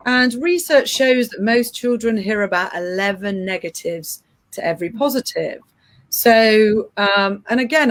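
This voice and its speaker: A middle-aged woman coaching parents, explaining earnestly with frequent restarts. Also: mid-range voice. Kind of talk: advice-giving podcast chat.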